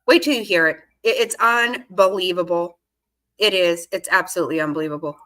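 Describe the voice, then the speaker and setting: A woman's voice: fairly low pitch, fairly quick, fairly bright tone. A woman giving casual reaction commentary on a court case, indignant and swearing freely as she talks back at the screen. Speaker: true-crime commentary host.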